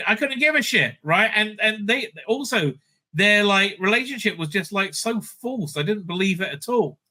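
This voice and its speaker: Bright-voiced sarcastic male reviewer. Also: fairly high pitch. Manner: rambling, profane, sarcastic. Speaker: show reviewer. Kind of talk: casual episode recap and review.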